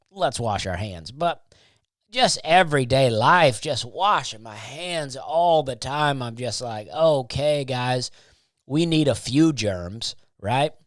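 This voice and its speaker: A man spins a loose, self-mocking comic anecdote in a relaxed, wandering way. His voice sits at an ordinary middle pitch, and the recording is dry and close with almost no room sound. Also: no room sound. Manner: laid-back, rambling, self-mocking. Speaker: comedian telling a story. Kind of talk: casual storytelling.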